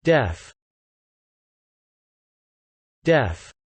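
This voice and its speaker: A vocabulary narrator reads a word list for learners at a very slow, careful pace. Each word comes twice and then a short example phrase, with the pitch rising and falling widely. The voice is a little breathy and recorded close and dry. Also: big pitch swings, no room sound.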